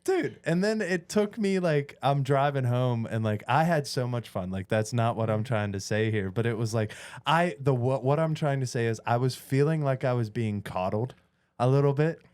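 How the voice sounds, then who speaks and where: A man's voice: mid-range voice, normal speed, darkish tone, smooth, no room sound. A man in his thirties telling a story in casual podcast chat, swearing freely and acting out his own thoughts. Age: 30s. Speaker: podcast co-host.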